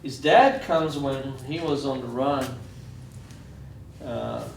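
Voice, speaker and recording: Gravelly guy lecturing, mic pretty far away, echoey room, little hiss. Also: medium pitch, slow pace. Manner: earnest, repeats phrases for weight. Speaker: guest lecturer. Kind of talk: storytelling lecture.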